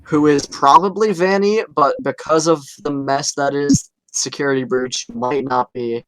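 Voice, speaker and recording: A man's voice: on the high side, steady tone, unhurried, slight background noise, rough recording. A man co-hosting a casual podcast chat, laughing often and trailing off mid-thought. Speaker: podcast co-host.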